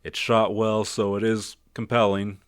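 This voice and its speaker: A man's voice: on the low side, flat delivery, unhurried, clean tone, no room sound, studio quality. A man giving a casual spoken film review. He rambles, second-guesses himself and uses lots of fillers. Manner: rambling, self-doubting, many fillers.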